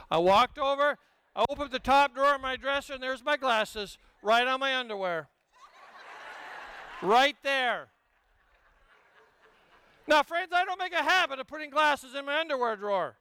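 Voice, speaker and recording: An older man delivers a sermon in a high, bright voice that rings with energy. He tells stories with humor and swings from hushed asides to shouted peaks, with a smooth, resonant tone in a dry, close sound. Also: animated, moderate pace, pauses often, no room sound. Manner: storytelling with humor. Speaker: pastor.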